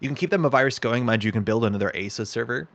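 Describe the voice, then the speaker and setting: A man commentating a card game match at a quick clip, walking through options and card counts one after another. His pitch sits in an ordinary middle range, and he sounds focused and analytical. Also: fairly bright tone. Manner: fast, analytical play-by-play.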